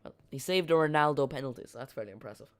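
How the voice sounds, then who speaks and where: A man's voice: medium pitch, rapid-fire, no echo. A man streaming a live football watch-along, chatting casually and often repeating or correcting himself.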